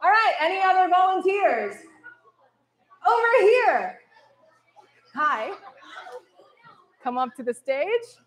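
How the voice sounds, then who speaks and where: Taking it slowly and pausing often, a young radio presenter with a very high, sing-song voice visits a school hall to lead children in tongue twisters. She stays upbeat and encouraging, laughing frequently, as the echoey space fills with the kids' chatter.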